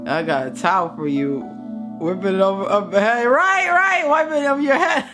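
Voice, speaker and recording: A woman hosting a live stream, giving a fervent, faith-based pep talk while she works out, sweaty and winded, and building to excited outbursts. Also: medium pitch, normal speed, music in the background. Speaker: motivational live-stream host.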